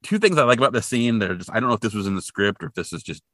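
A male podcast host with a lowish, very lively voice, retelling a film casually and acting out the characters. His tone is bright and forward, and the recording is dry and close. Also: very fast, no echo. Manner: animated storyteller, acts out characters, many fillers. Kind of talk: casual movie recap.

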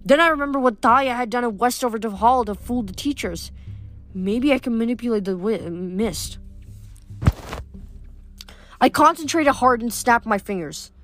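Woman reader for a first-person novel, fairly high voice, stumbles and restarts, light music behind. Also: lively intonation, normal speed, long pauses, a bit bright. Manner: first-person narration with frequent stumbles and self-corrections. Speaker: audiobook reader. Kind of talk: reading a novel aloud.

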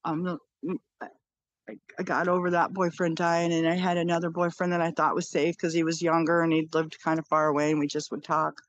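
A woman's voice: low-pitched, level tone, brisk, dry recording, highs cut off. Earnest middle-aged woman telling her story. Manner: earnest, repeats phrases for emphasis. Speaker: guest. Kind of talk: personal storytelling in an interview.

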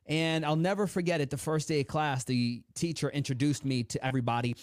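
A man guest on a podcast telling an emotional personal story, earnest and slowing down for emphasis. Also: on the high side, no room sound, clean studio sound.

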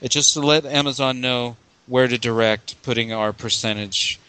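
A man's voice: medium pitch, fairly even intonation, normal speed, pushed and bright, clear, resonant tone, low-quality recording. A man co-hosting a casual sports podcast, enthusiastic and chatty. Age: young adult to middle-aged. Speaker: co-host.

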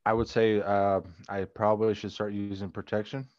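A man's voice: lowish voice, little pitch movement, moderate pace, a little mellow, dry recording. A man on a podcast, rambling through casual comedic chat with lots of "like" fillers. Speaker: podcast co-host. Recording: dull lo-fi dry sound.

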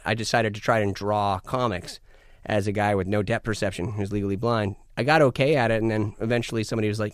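A man chatting casually as a podcast guest, animated and jokey, cursing freely and getting loud when he plays up a bit. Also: lowish voice, fast, smooth, dry recording, clean studio sound. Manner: animated, profane, jokey, swings loud for bits. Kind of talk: casual chat.

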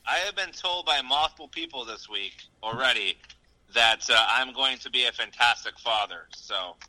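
Bright, lively young man bantering. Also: medium pitch, normal speed, poor audio. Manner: jokey, playfully defensive. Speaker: show regular. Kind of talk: casual banter.

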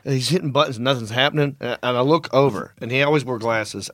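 Man, comedian, rambling anecdote, mid pitch, dry close mic. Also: a little fast, a bit bright, dry recording. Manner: rambling, self-interrupting anecdotes. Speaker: stand-up comedian guest. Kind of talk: storytelling on a comedy podcast.

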